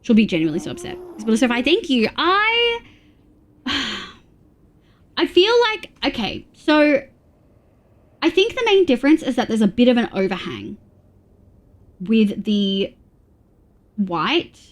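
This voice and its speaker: A young woman chats on a live stream. Her voice sits a little high. She talks loosely and reads out chat messages as she goes. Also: very animated, unhurried, pauses often. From Australia. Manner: chatty, reads chat aloud, frequent laughs.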